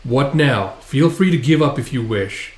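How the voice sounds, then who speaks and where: A man voicing a calm, smug young male mercenary commander with a cool, condescending way of talking. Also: mid-range voice, measured pace, natural voice. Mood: taunting. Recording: roomy echo.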